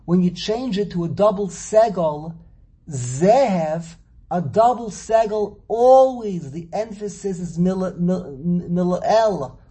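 A man teaching a Torah class, lecturing slowly and animatedly, teasing his students and repeating words as he thinks. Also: high voice, expressive, warm tone, breathy edge. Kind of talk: classroom lecture on Hebrew grammar and verses.

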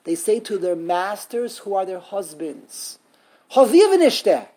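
Her voice is fairly low and mellow as she leads a text study class, explaining the grammar. She sounds out each word slowly, syllable by syllable, with frequent restarts.

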